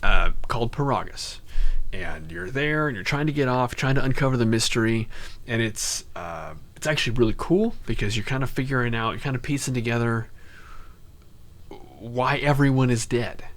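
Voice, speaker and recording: A young man recapping a video game in a chatty, rambling way and slipping into mock voices as he goes. His voice sits at an ordinary middle pitch. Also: normal speed, a bit bright. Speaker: gaming channel host. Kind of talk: casual game commentary.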